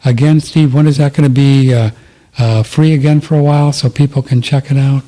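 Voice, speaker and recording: A man hosting a radio talk show, agreeable and quick to laugh in casual chat. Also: medium pitch, fairly even intonation, dark tone. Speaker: radio host.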